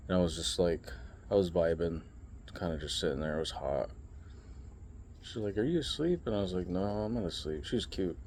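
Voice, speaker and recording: A young man with a deep voice, a vlogger and streamer, rambles through stories in a late-night vlog at a moderate pace with long pauses. His relaxed storytelling is full of fillers, over slight background noise.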